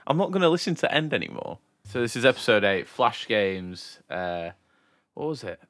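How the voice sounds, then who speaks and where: A man's voice: medium pitch, sing-song, moderate pace, a bit bright. A man co-hosting a podcast, chatting casually and mocking his own old skits. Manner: rambling, self-mocking. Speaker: podcast co-host. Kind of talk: casual chat.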